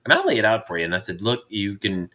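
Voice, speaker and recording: A man's voice: fairly low pitch, expressive, quick pace, sharp tone. A middle-aged man co-hosting a casual chat with his daughter, telling rambling, jovial stories. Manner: jovial storyteller, rambling with restarts. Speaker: podcast co-host, father.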